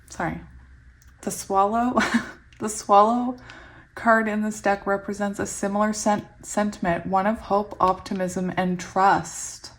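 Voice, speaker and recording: A young woman giving a casual tarot reading, giggly and excitable, often laughing as she reads the cards aloud. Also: medium pitch, measured pace. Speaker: tarot reader.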